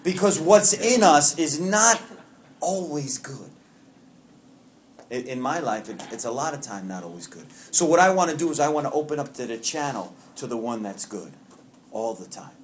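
Expressive and a little fast, a mid-range male voice delivers a personal share to a support group, with a little hiss or hum present. The speaker, from Long Island, New York, leads a recovery meeting with sincerity and self-mocking humor.

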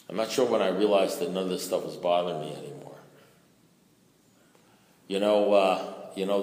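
A man sharing his story as a recovering alcoholic at a recovery meeting, in a conversational way full of "you know"s that rises to loud bursts. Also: low-pitched. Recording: echoey hall reverb.

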